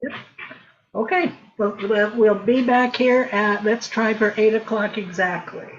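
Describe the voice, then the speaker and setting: Relaxed woman host on a dull line. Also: medium pitch, a little slow, a little hiss or hum. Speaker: event host. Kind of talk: casual event hosting.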